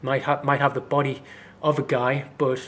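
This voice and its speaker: A man's voice: mid-range voice, little pitch movement, normal speed, a bit bright, roomy sound, far from the mic, a little hiss or hum. A fitness instructor talking straight to camera, heated and blunt, swearing as he gives advice. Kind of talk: direct-to-camera advice vlog.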